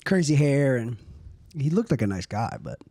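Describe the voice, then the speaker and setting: A man's voice: mid-range voice, big pitch swings, normal speed, dark tone, no echo. A man hosting a casual comedy podcast, joking loosely and swearing casually as he chats with a guest. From based in Austin, Texas. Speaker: podcast host.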